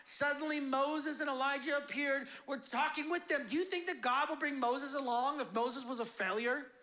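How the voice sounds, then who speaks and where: A man preaching a sermon as pastor, casual and animated, acting out the voices of God and his listeners. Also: extremely high pitch, moderate pace. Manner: casual, conversational preaching with fillers.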